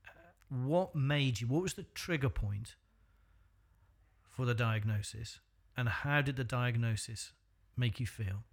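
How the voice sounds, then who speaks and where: A man interviewing a guest in a relaxed way, asking careful questions with a joking side. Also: medium pitch, unhurried. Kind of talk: casual interview.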